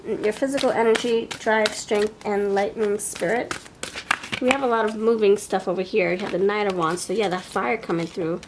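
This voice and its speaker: A woman's voice: mid-range voice, noisy background. A woman with a New York accent giving a pick-a-card tarot reading, chatty and thinking aloud as she goes. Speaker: tarot reader.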